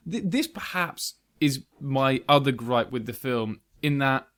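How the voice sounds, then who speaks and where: A man's voice: medium pitch, animated, a little slow, a bit bright. A British man hosting a podcast, chatting enthusiastically about a film and laughing often. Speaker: podcast host. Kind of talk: casual film chat.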